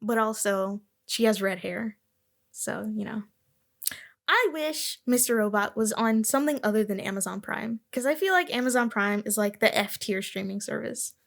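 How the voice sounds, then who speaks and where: A woman's voice: mid-range voice, animated, normal speed, gravelly, fairly bright tone. A young woman hosting a podcast in casual chat, rambling and correcting herself as she goes. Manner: chatty, rambling, self-correcting. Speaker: podcast host.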